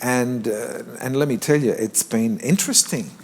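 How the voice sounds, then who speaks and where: An older man, a pastor, preaching a conversational sermon in church and rising in pitch when he stresses a point. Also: moderate pace, a little mellow.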